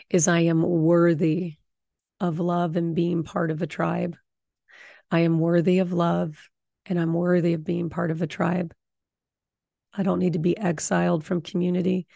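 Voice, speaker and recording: A middle-aged woman hosting a podcast, giving earnest spiritual affirmations and teaching in a slow, soothing way. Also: on the low side, flat delivery, creaky, mellow, no echo. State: tearful, voice breaking with emotion. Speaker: podcast host.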